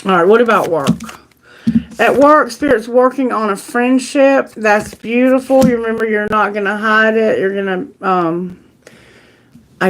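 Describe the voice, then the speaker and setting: A woman giving a live tarot reading in a chatty, animated and frank way, with jokes. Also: mid-range voice, a little hiss or hum, poor audio. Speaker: tarot reader.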